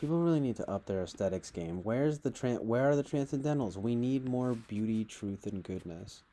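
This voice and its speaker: A man's voice: lively intonation, moderate pace, mellow. A man streaming live, reading news aloud and reacting with casual, sarcastic commentary. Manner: sarcastic, swings into mocking high voices.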